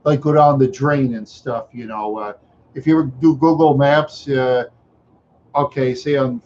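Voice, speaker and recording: A man's voice: mid-range voice, steady tone, measured pace, darkish tone, slight background noise. A middle-aged man from Minneapolis on a live stream, telling rambling stories with chuckles and mouth sound effects. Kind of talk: rambling storytelling. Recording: dull lo-fi recording.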